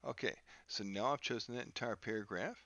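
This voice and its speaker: A man teaching a software lesson over a screen recording, talking haltingly with many fillers and restarts. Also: fairly low pitch, dry recording, dull audio. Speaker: instructor.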